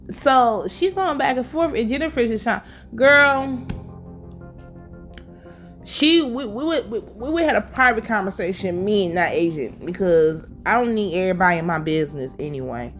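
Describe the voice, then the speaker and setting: A woman casually recapping a TV episode, animated and profane, laughing as she tells it. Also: mid-range voice, moderate pace, soft background music. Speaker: show recap vlogger.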